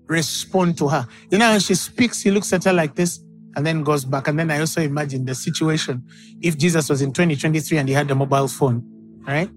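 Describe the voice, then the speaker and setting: Preaching man, dramatic and animated. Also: a little high. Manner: dramatic, acts out quoted voices. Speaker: pastor. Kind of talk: sermon.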